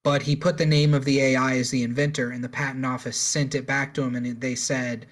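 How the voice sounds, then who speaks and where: A man's voice: medium pitch, little pitch movement, fast, few pauses. A man co-hosting a podcast in casual chat, rambling through a news story with jokes and swearing. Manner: rambling, joking, swears freely. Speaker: podcast co-host.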